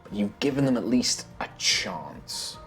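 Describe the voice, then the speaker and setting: A man's voice: fairly low pitch, expressive, unhurried, a bit bright, faint music behind. A man narrating a fantasy tabletop game as dungeon master, describing scenes vividly with some fillers.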